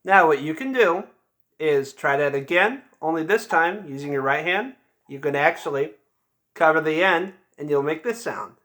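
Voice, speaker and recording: A man's voice: fairly high pitch, moderate pace, pushed and bright. A man teaching a beginner band lesson, patiently walking through each step and checking in with frequent "okay?". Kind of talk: instrument lesson demonstration.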